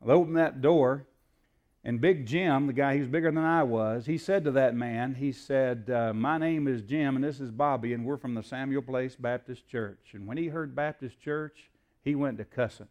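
A man's voice: mid-range voice, normal speed, a little mellow. A man, a preacher telling a story in a sermon in a folksy way, acting out the dialogue, with frequent fillers.

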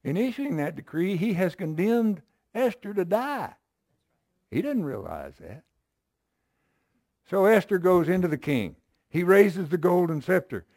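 A man's voice: high-pitched, big pitch swings, a little slow, darkish tone, no echo, clean studio sound. A man preaching a sermon, reading Bible verses and explaining them in an emphatic, conversational way, often checking with listeners.

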